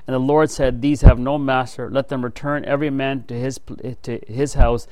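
Male Bible teacher, mid-pitched, reads verses and then riffs casually, dry close sound. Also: level tone, normal speed, a little mellow, dry recording, low-quality recording. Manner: reads scripture then comments conversationally; frequent "you know" and "right?" asides.

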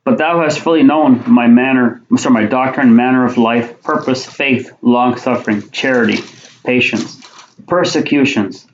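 A man preaching a sermon, reading Bible verses aloud and then explaining them in plain conversational talk, often repeating his words. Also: medium pitch. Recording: roomy, dull lo-fi sound.

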